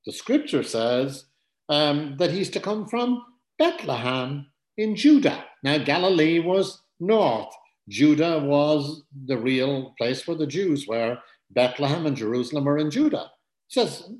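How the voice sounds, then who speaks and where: A man preaching through a passage of scripture with earnest conviction. He talks in a conversational way, repeats his main points for emphasis and throws in asides. His voice sits at an ordinary middle pitch and rings in a roomy, echoing space. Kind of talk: Bible teaching sermon. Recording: roomy echo.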